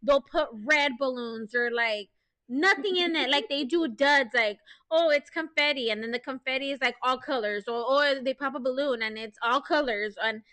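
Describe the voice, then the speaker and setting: A woman co-hosting a podcast, telling a story in a casual, animated way, swearing and laughing as she goes. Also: high voice, normal speed, dry recording. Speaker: podcast co-host.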